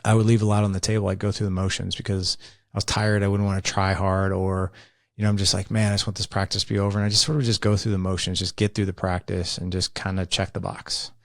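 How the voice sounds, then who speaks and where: Podcast host, man, 30s, low gravelly voice, candid rambling storyteller, dry close mic. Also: flat delivery, fast, no room sound. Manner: candid, rambling, filler-heavy. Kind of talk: personal storytelling monologue.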